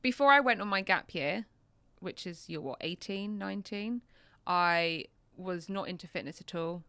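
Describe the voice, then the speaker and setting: A woman's voice: on the low side, moderate pace, pushed and bright, clear, resonant tone, no room sound. A woman from England, a personal trainer co-hosting a podcast, chatting in a teasing way and laughing easily. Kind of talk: casual chat.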